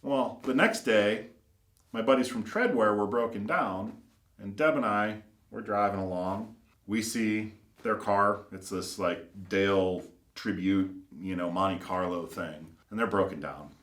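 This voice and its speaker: A custom car builder tells his stories in a relaxed, meandering way, peppering them with fillers and little impressions of the people he quotes. His voice sits low, and the room around him rings with a noticeable echo. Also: unhurried. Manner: rambling, filler-heavy, acts out quoted voices. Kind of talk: casual anecdotal storytelling. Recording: roomy echo.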